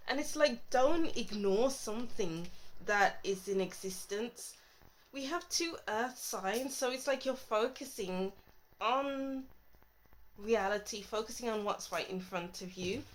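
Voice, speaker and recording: A woman's voice: fairly high pitch, unhurried, poor audio. A woman giving a casual tarot reading, thinking aloud and musing as she lays out cards. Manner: thinking aloud, musing, trailing off mid-thought. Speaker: tarot reader.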